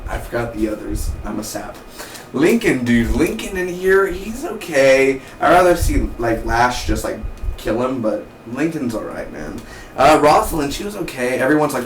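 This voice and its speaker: A man giving a casual, slangy TV episode review, excitable and fond of calling out "dude" and "baby" between plot points. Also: medium pitch, a little hiss or hum. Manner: excitable, slangy, breaks into mock voices. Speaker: TV show reviewer. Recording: roomy, distant mic, faint ambience.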